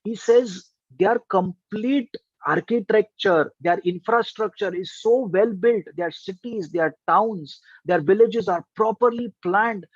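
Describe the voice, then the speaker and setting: A trainer tells students a story with plenty of emphasis. His voice sits high for a man. The sound is dull and dry. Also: breathy edge, no room sound. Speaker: trainer and life coach.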